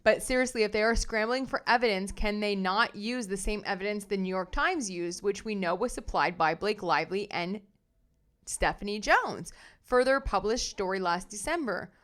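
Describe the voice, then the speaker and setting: A woman hosting a casual commentary show, reading viewer comments in an animated, sassy way with slang. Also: mid-range voice, normal speed. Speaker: commentary host.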